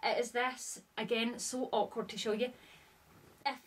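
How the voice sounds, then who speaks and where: A woman's voice: a little high, level tone, unhurried. A woman, chatting casually as a vlogger and gushing with lots of fillers. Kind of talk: casual chat.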